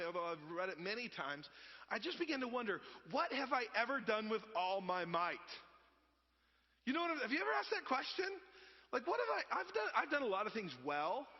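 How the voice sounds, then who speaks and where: A man, preaching a sermon in a relaxed, conversational storytelling way that swings between loud and hushed. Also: high voice. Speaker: pastor. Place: church sanctuary. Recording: dull sound with long reverb.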